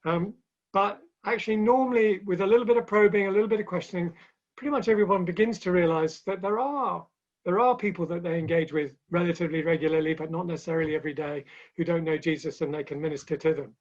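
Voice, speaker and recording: A man's voice: sits high, fast talker. A man speaking as a guest in a webinar conversation, telling stories with light humor in a chatty way. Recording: dull lo-fi online call audio.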